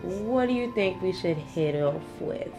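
A woman's voice: lowish voice, lively intonation, a little slow, music in the background. A young adult woman co-hosting a podcast in casual chat, brash and profane, laughing often and mocking people in silly voices. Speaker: podcast co-host.

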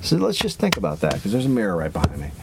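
A man around forty co-hosting a comedy podcast, telling rambling stories and firing back deadpan insults with lots of swearing. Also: deep voice, rapid-fire, creaky, background noise. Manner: rambling storyteller, deadpan comebacks. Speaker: podcast co-host. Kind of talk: profane comedic banter.

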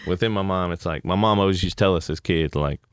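A man in his thirties from California, a podcast guest talking in a relaxed, heartfelt, reflective way. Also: low voice, fast talker, clean tone, no room sound, studio quality. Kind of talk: casual podcast chat.

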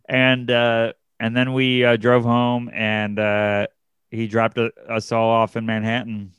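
Young man, comedian, podcast storytelling, animated, lots of restarts, smooth clear voice, dry close sound. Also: slow, no echo. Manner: animated, jumps up in pitch to act out quoted people, many fillers and restarts.

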